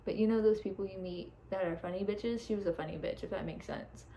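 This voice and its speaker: A woman's voice: mid-range voice, fast, mellow, rough recording. A young woman casually telling a personal story, chatty, laughing often and swearing freely. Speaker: vlogger. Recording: faint background noise.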